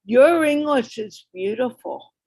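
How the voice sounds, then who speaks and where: A woman's voice: high-pitched, animated, slow pace, a little mellow, dry recording, poor audio. A woman hosting an English conversation show on a video call, coaching a learner in an emphatic way and repeating words for stress. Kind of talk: encouraging casual chat.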